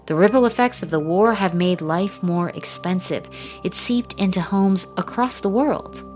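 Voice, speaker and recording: A woman news host reading scripted narration in a steady, composed way. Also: on the low side, moderate pace, faint music behind.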